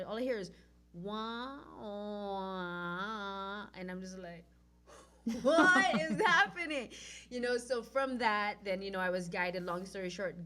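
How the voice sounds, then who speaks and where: A woman from Oahu with a Hawaiian accent, a guest telling a personal story in an animated way and acting out what she said back then, from loud to hushed. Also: lowish voice, slight background noise. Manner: acts out her own past lines, swinging from loud to hushed.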